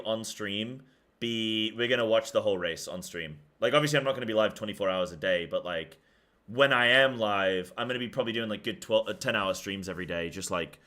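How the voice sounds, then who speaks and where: A young man with a fairly low, sharp-toned voice is streaming and chatting casually about a game. He rambles in loose run-on thoughts packed with fillers.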